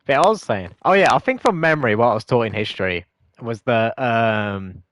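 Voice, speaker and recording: A British man talks casually to his stream viewers over a desk microphone. He rambles through his explanations with hesitant pauses. He often stops to correct himself. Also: mid-range voice, expressive, a bit bright. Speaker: gaming streamer.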